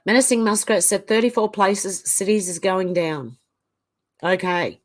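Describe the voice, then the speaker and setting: A middle-aged Australian woman reads viewer comments and reacts chattily during a casual live stream, coughing as she recovers from the flu. Her pitch is medium and her pace measured.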